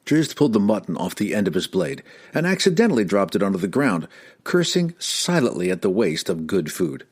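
A man's voice: deep voice, sing-song, a little fast, a little mellow, husky. A man reading a fantasy novel aloud as an audiobook narrator, telling the action with dramatic expression.

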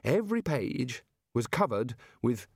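Dry, deadpan male audiobook narrator. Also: mid-range voice, a little slow, gravelly, slightly rough, no echo. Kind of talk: scripted comic fantasy narration.

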